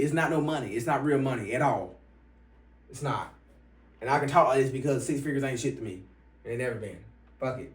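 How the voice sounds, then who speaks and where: A man giving a motivational money-mindset talk as an online business coach, swearing freely and punching key points louder. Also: medium pitch, fairly quick, long pauses. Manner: profane, emphatic, bursts louder on key points. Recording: roomy, from some distance.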